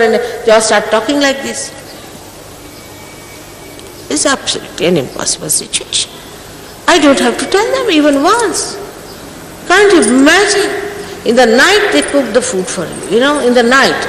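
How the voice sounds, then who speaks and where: A woman's voice: high voice, very animated, moderate pace, pauses often, fairly bright tone. A woman in her sixties scolding her followers as their spiritual teacher, sternly admonishing them with pointed rhetorical questions. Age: 60s. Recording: echoey hall, faint background hiss.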